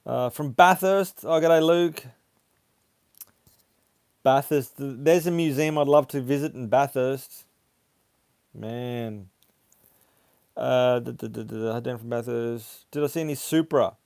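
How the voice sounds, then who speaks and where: A man hosting a casual livestream, chatting haltingly as he reads viewer comments aloud. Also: mid-range voice, gravelly, darkish tone, clear, resonant tone, dry recording, studio quality. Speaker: livestream host. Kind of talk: casual live chat reading comments.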